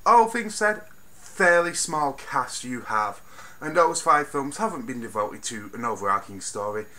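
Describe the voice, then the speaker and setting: A man giving a casual spoken film review, animated and ranting, swinging from mutters to loud bursts and swearing freely. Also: on the high side. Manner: swears freely, exasperated rants.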